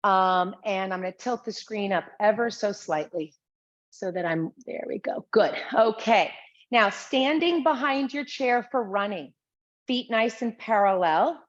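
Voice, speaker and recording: Slow, calm woman cueing exercises. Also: mid-range voice. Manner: calm, steady cueing of breath and movement. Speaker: Pilates instructor. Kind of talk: guided exercise class instruction. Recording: slightly dull lo-fi sound.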